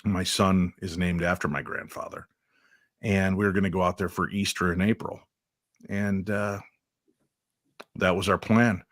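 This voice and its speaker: A middle-aged man with a very deep, low voice tells a personal story as a radio guest. He speaks in a measured, reflective way with small hesitations. The sound is dry and close, with no room echo. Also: flat delivery, a bit bright.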